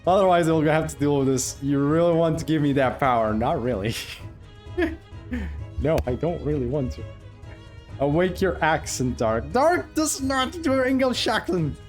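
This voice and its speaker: A man's voice: on the high side, moderate pace, darkish tone, soft background music. A man streaming a video game live, chatting casually, joking and laughing as he talks back to his viewers. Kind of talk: casual live gameplay commentary.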